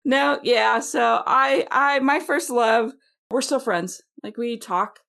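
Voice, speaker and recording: Woman, casual podcast chat, gravelly voice, fairly high, animated storyteller. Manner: chatty, animated storyteller with laughs and quick asides. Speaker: podcast co-host.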